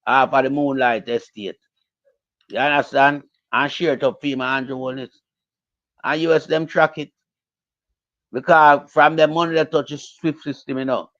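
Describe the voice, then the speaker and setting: A man's voice: medium pitch, fairly bright tone, highs cut off. A man with a Jamaican accent giving a heated, repetitive political rant in casual talk, mixing Patois with English. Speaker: political commentator.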